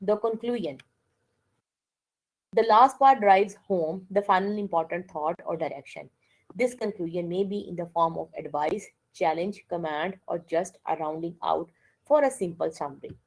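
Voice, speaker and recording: A woman's voice: on the low side, normal speed, a little mellow, poor audio. A woman giving a classroom lecture, mixing languages and often checking with "okay?". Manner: code-switches and keeps checking with "okay?".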